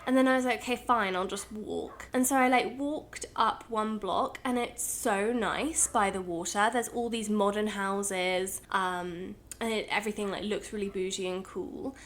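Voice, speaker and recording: A woman's voice: medium pitch, steady tone, moderate pace, few pauses. A young woman, co-hosting a casual podcast chat and telling stories with plenty of laughs. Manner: chatty, laughing storyteller. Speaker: podcast co-host.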